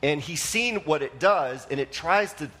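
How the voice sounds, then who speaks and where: A man's voice: on the high side, animated, a little slow, fairly bright tone. A male pastor preaching a sermon in a conversational manner, asking the congregation questions and often using fillers like "like" and "you know.".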